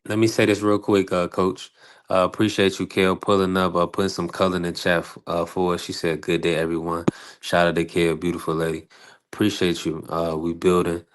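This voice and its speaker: Male stream host, low flat voice, easygoing filler-heavy shout-outs. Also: fairly quick. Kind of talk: live-stream boxing talk show.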